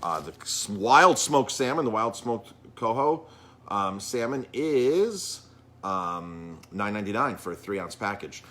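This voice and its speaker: Rambling chef with a bright low voice. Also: male voice, animated, unhurried. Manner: rambling, frequent ums and restarts. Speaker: chef and restaurant owner. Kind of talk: casual live-stream talk.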